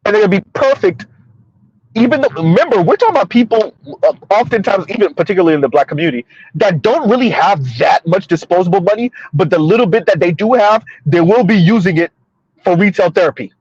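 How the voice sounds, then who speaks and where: A man's voice: high-pitched, animated, fast talker, a little mellow, husky, no echo. Rambling man, dull dry home mic. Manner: rambling, repeats himself, laughs at own jokes. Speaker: livestream commentator. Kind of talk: casual livestream commentary.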